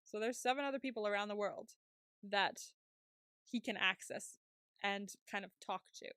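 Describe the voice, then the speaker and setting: A young woman co-hosts a podcast in a clear, resonant, medium-pitched voice, speaking at a moderate pace in a dry, studio-quality recording. She casually recaps an episode, animatedly acting out the characters' lines as she retells it.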